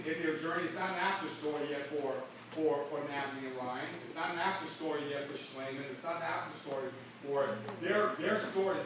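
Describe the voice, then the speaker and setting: Energetic man on stage in echoey hall. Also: on the high side, background noise. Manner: energetic, fast-shifting, acts out dialogue, frequent "right?". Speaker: motivational speaker. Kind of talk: convention stage speech. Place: large convention hall. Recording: echoey hall recording from far off.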